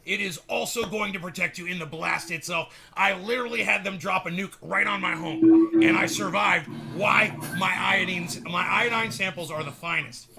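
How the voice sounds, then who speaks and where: A man doing an impression of a blustering male conspiracy talk-show host who booms through supplement sales pitches. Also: normal speed, creaky, hardly any pauses, crowd noise. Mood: blustery. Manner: booming sales-pitch bravado.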